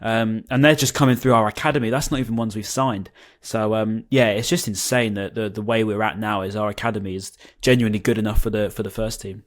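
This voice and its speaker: A man's voice: fairly low pitch, steady tone, fast talker, few pauses. Chatty man on a video call. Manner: chatty, enthusiastic, many restarts and fillers. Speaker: podcast co-host. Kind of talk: casual football chat.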